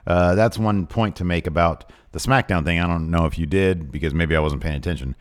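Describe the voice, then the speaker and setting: Low-voiced man hosting a casual wrestling podcast. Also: a little fast. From American South. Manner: playful, jokey, shifts into mock-announcer delivery. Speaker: podcast co-host. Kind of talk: casual chat, reading previews aloud.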